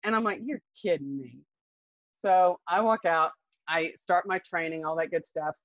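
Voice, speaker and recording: A woman telling her story to a group in a folksy, animated way. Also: lowish voice, normal speed, no echo. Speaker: sales director sharing her story. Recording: dull, muffled dry recording.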